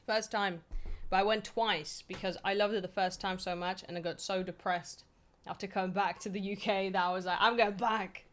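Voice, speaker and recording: A woman from Poland talks casually to her stream chat from home. Her voice sits at an ordinary middle pitch. Her speech is loose and rambling, peppered with fillers, swearing and quick laughs. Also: flat delivery. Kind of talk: casual chat answering viewer questions.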